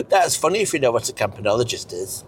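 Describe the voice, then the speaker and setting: A man's voice: mid-range voice, very animated, fast, slight background noise, natural voice. A man voicing an elderly, foul-mouthed, bossy wife who nags and mocks in a crude, sarcastic way. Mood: mocking.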